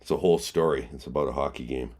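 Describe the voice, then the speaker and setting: A man's voice: very deep voice, fast talker, a little mellow. A man hosting a late-night chat livestream, goofing around and mumbling asides. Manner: goofy, sings songs loosely and mumbles. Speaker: livestream host. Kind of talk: late-night casual chat stream, singing along.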